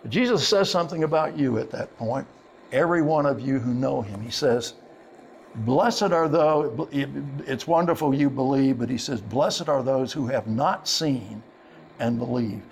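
Gravelly-voiced man preaching a sermon. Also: mid-range voice, a little hiss or hum. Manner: storytelling preacher, folksy asides, slow emphatic quotes. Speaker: pastor.

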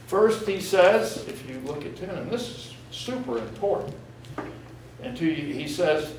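A man's voice: sits high, expressive, measured pace, a little hiss or hum. A man preaching a sermon, teaching verse by verse and explaining word meanings to his congregation. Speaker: pastor. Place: church sanctuary. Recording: echoey room, voice from far off.

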